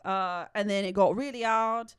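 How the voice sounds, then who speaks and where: Woman doing a mock-British young lad, loud, teasing impression. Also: medium pitch, steady tone, normal speed, smooth, no room sound, studio quality, lightly acted. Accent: put-on British. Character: young British lad telling his life story.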